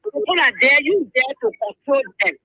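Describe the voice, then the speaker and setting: A man calling in to a radio show, rambling and halting with many fillers over a tinny phone line. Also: very high voice, big pitch swings, pushed and bright, no room sound. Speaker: caller. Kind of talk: phone-in call.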